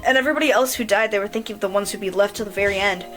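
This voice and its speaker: A woman's voice: medium pitch, very fast, fairly bright tone, soft background music, lightly acted. A woman voicing an earnest, encouraging boy who pleads in a sincere way.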